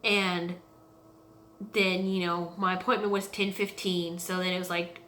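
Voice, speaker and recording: Slow, bright-voiced woman giving a testimony. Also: fairly low pitch, flat delivery, slight background noise. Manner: earnest, halting, many pauses and restarts. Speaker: vlogger. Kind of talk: personal faith testimony. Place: home basement. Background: washing machine running.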